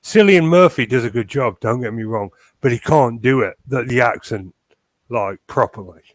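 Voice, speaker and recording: A man's voice: medium pitch, animated, normal speed, no room sound. A man co-hosting a podcast in casual chat, making blunt, matter-of-fact remarks. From Northern Ireland. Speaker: podcast co-host.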